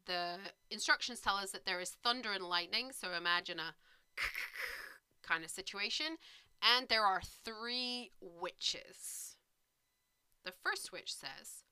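A woman teaching English to learners, reading a play and a novel aloud and explaining the words clearly and patiently. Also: mid-range voice, lively intonation, takes it slowly, bright, forceful tone, no echo. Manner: clear and patient, with light laughs.

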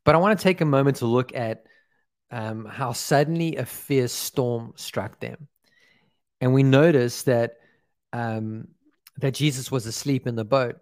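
A man leading a casual online devotional, praying and reading scripture, then reflecting in a relaxed, conversational way full of "um" and "like.". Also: mid-range voice, a little slow, no room sound. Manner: relaxed, conversational, many fillers like "um" and "like". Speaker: devotional leader.

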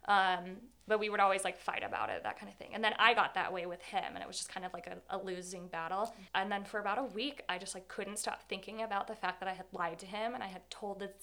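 A young woman with a gravelly, creaky edge to her voice tells her own story in an interview. She talks candidly and rambles, leaning on fillers as she goes. Her pitch sits in the middle for a woman. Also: quick pace, hardly any pauses, sharp tone.

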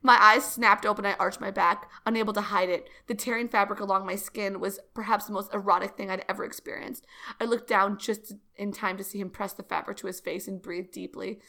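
Bright-voiced woman reading fan fiction aloud. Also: medium pitch, fairly even intonation, fairly quick, vocal fry. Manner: dramatic reading broken by laughing commentary. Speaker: podcast co-host.

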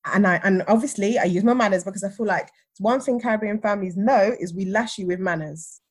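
A woman, telling a personal story in a casual chat with lively, acted-out retellings. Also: mid-range voice, fast, husky. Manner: animated, acts out others' lines. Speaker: podcast guest, teacher.

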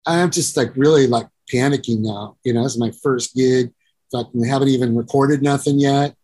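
His voice is medium-pitched, steady and a little mellow, at a moderate pace. The speaker, a middle-aged musician and producer, rambles profanely through long stories in a casual interview, playing the people in them and repeatedly saying "you know."

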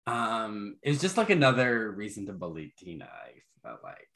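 A man co-hosting a podcast, recapping a TV episode in casual chat, animated with many fillers. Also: on the low side, moderate pace, vocal fry. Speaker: podcast co-host.

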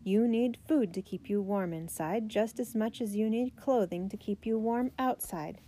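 A woman voicing a firm, practical mother in a storybook reading, brisk and commanding. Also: mid-range voice, warm tone, a little hiss or hum, close to an everyday voice.

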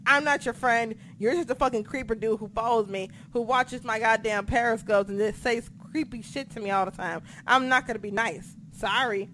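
A young woman on a podcast, telling stories in a casual, profane, animated way. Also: on the high side, normal speed, hardly any pauses, slight background noise. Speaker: podcast co-host. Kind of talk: casual chat.

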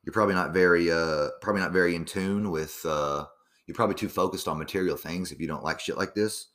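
A young man with a very deep voice talks in a meandering, casual monologue. He swears freely and keeps circling back with ums and restarts. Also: fast, a bit bright. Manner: profane, meandering, lots of fillers and restarts.

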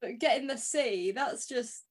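Woman co-host, kinda high voice, jumps in with teasing bits. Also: background noise. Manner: teasing, quick interjections. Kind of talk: casual podcast chat.

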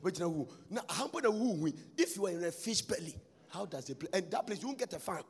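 A man preaching a sermon, breaking into sudden shouts and sing-song lines. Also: high-pitched, big pitch swings, fast, husky.

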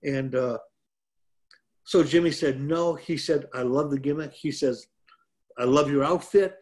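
An older man with a slightly raised pitch talks through a rambling anecdote. He is a guest and former wrestler from Detroit, self-deprecating and loose. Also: a little slow, a little mellow. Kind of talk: casual storytelling.

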